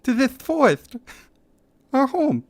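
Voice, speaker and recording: A man voicing a strange, grim male forest companion with a high, lisping voice. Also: big pitch swings, slow pace, gravelly, dry recording, full character voice. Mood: vengeful. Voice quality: lisp. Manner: high strange voice, keeps breaking into laughter.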